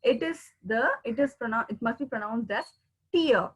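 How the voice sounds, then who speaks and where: A woman's voice: a little high, fairly quick, slightly rough, low-quality recording. A woman, a teacher giving a recorded pronunciation lesson and repeating words to drill the sounds. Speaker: English teacher.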